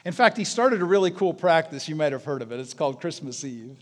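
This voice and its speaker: Man, preacher, high-pitched voice, emphatic and animated, long hall reverb, church sermon. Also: fast talker. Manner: animated, emphatic, shifts between soft asides and loud exclamations.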